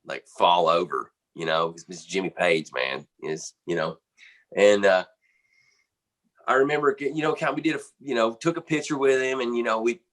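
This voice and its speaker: A man, a band's drummer, telling a backstage story in an animated, casual way, full of "man" and "you know.". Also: lowish voice, normal speed. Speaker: band drummer interviewed.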